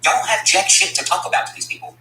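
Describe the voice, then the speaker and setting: A man's voice: quick pace, sharp tone, roomy sound, a little hiss or hum, rough recording. A man delivering a blunt, profane, combative rant at his critics, speaking as a country rapper. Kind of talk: angry profane rant to camera.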